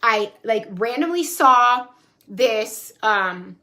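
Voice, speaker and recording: A woman in her thirties, talking into her phone at home. Her voice is bright and sits a bit high. She tells her story in a chatty, animated way, with plenty of swearing. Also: extremely slow. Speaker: spiritual coach and vlogger. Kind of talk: casual storytelling vlog. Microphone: phone camera.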